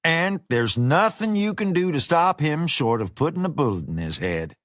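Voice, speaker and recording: A man voicing a smooth, menacing male American fixer who talks with easygoing slang. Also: fairly high pitch, big pitch swings, normal speed, fairly bright tone, no room sound, clean studio sound, voice pushed up. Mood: drawling menace.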